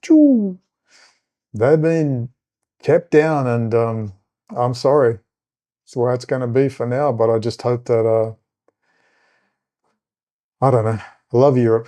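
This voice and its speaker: Rambling man with a mellow voice. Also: mid-range voice. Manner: rambling, conversational, many fillers and asides. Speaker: podcast host. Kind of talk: casual political monologue.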